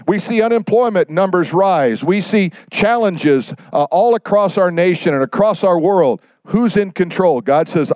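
A male pastor delivering a sermon, pausing for effect and dropping his voice low for God's words. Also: expressive, a little mellow, no room sound. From United States.

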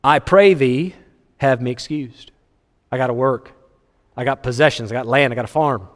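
A man preaching a sermon, reading scripture aloud and joking with the congregation in an animated way. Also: medium pitch, normal speed. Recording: long hall reverb.

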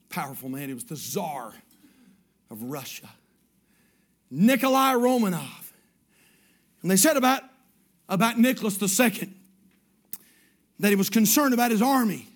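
A pastor preaching a sermon as a story, repeating his phrases and swinging from hushed lines to shouts. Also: high-pitched.

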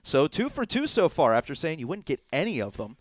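A man hosting a casual podcast, running a quiz game with a playful, teasing manner and drawn-out announcements. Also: a little high, wildly swooping pitch, dry recording. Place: indoors, on location in Texas.

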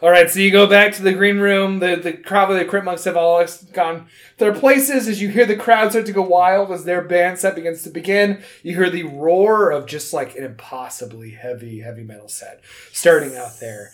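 An easygoing game master narrating a tabletop game in front of a live audience. The voice sits mid-pitch and moves at a relaxed pace, and the narration often breaks into laughter. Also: normal speed. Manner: laughing often, casual and loose.

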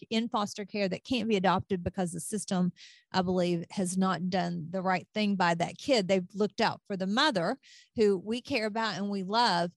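A woman's voice: medium pitch, dry recording. Female interview host, conversational and rambling, mid voice, close and dry. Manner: chatty, many fillers and restarts.

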